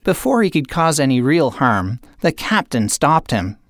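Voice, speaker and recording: Woman reading a kids storybook, low voice, super slow, dry close sound. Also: no room sound. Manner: slow, expressive read-aloud. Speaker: narrator. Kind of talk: reading a children's storybook aloud.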